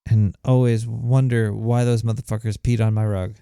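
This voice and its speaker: A man's voice: on the low side, little pitch movement, moderate pace, creaky, dark tone, clear, resonant tone, no room sound. Man, show host, laid-back chat, reads donations, dry close sound. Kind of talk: casual show hosting.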